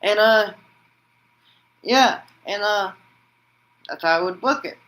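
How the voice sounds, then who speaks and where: A man hosting a wrestling vlog, narrating an imagined match like play-by-play and shouting out the pin counts. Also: high-pitched, takes it slowly, poor audio. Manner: breaks into loud shouted pin counts and move calls; rambling, restarts sentences with "and then". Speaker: wrestling vlogger host. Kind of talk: excited fantasy-booking play-by-play.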